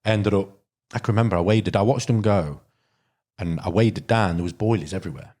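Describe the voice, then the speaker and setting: In casual podcast chat, a carp angler from Derbyshire, England, tells long fishing stories, rambling with frequent restarts and fillers. His voice sits on the low side, brisk and darkish in tone.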